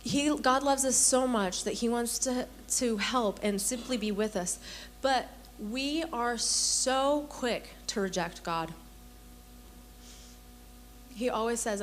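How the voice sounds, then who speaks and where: A woman's voice: a little high, slow, slight background noise. A young adult woman giving an earnest personal testimony to a women's church gathering, telling stories and acting out the voices in them. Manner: earnest storytelling, acts out quoted voices.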